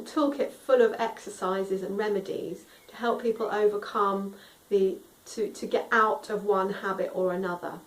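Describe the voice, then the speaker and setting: A woman's voice: mid-range voice, distant mic. A woman teaching singing, explaining vocal tone in a friendly, instructive way. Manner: friendly instructive, demonstrates sung tones. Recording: roomy echo, a little off mic.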